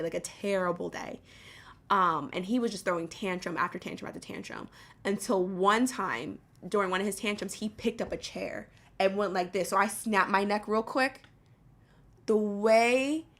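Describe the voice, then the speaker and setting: Woman host, young adult, profane casual storyteller, bright gravelly voice. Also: mid-range voice. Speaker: streamer and debate host. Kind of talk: casual chat.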